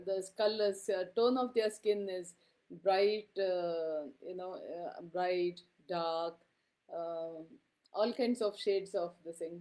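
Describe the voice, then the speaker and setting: A woman's voice: medium pitch, dark tone. A middle-aged woman giving a classroom lecture, speaking conversationally with many fillers and frequent "okay?" checks to her students.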